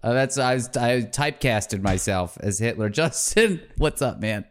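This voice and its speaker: A man's voice: medium pitch, expressive, moderate pace. A young man hosting a comedy podcast, chatting loosely and laughing often. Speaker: podcast host. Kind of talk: casual comedic chat.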